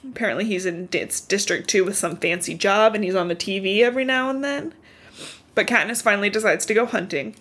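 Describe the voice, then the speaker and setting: A woman's voice: medium pitch, a little fast, a bit bright. Chatty woman recapping a book. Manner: swears freely, retells story with many likes. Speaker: podcast co-host. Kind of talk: casual book recap chat.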